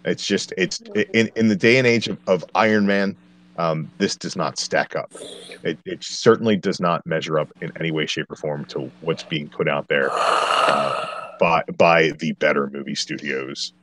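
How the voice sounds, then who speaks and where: A man's voice: rumbling low, moderate pace, a bit bright. A man ranting a blunt, profane movie review as a podcast co-host, exasperated and swearing freely.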